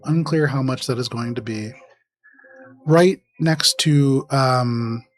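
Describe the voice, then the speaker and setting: Man narrating as dungeon master. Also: mid-range voice. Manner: descriptive, measured, with fillers. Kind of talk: narrating a tabletop game.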